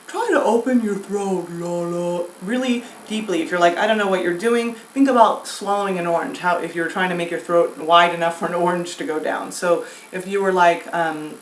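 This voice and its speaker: A woman vocal coach giving a singing lesson, explaining breath and throat exercises in a relaxed, chatty way and demonstrating sung scales. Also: lowish voice, brisk, hardly any pauses, distant mic. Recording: echoey room with faint noise.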